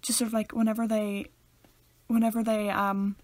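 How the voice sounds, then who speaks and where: A woman's voice: mid-range voice, little pitch movement, normal speed, a little mellow. A young woman, co-hosting a podcast in giggly, casual chat. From Northern Ireland. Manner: chatty, giggly, slips into voices when telling stories. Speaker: podcast co-host.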